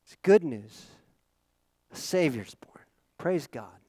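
High-voiced pastor preaching with big swings. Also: male voice, lively intonation, slow pace, poor audio. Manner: dynamic preaching with rhetorical questions, swinging from loud emphasis to quiet asides. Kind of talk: sermon.

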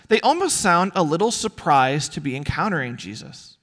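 A man preaching a sermon as pastor, earnest, with rhetorical questions and dramatic pauses. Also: sits high, big pitch swings, a bit bright.

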